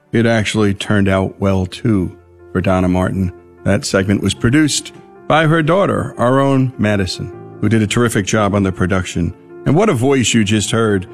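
A male radio show host wrapping up a segment in a polished broadcast style. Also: fairly low pitch. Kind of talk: broadcast outro.

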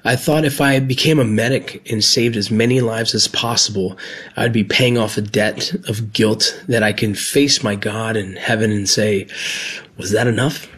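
A former Border Patrol agent and medic, a man speaking earnestly about his past work, halting at times with restarts. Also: fairly low pitch, steady tone, a bit bright, breathy edge. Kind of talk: personal storytelling.

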